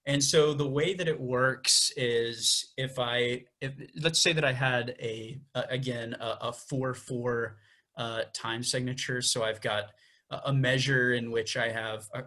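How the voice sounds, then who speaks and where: A man's voice: medium pitch, bright, forceful tone. A young man co-hosting a podcast, explaining music theory step by step and counting beats aloud. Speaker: podcast co-host.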